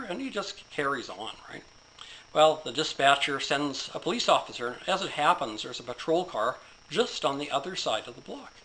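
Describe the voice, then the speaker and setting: A man's voice: on the high side, big pitch swings, moderate pace, sharp tone, a little hiss or hum, rough recording. A man telling a long joke in a casual, folksy storytelling manner.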